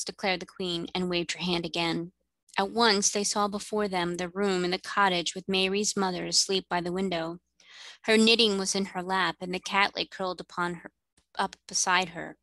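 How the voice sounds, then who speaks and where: A woman tutor reading a novel aloud in steady, clear storybook narration. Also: fairly low pitch, normal speed, no room sound.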